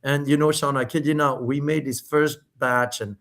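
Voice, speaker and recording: Guesting on a podcast, the founder of a spirits company, a middle-aged man, spins stories during a relaxed interview. He speaks at a medium pitch, animated and in rapid bursts, often restarting and leaning on fillers.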